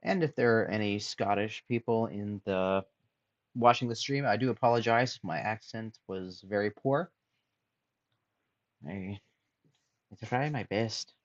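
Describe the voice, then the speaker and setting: A man chatting casually on a drawing stream, musing aloud softly as he sketches. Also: lowish voice, measured pace, pauses often, no room sound, highs cut off. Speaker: streamer and artist. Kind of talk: casual chat while drawing.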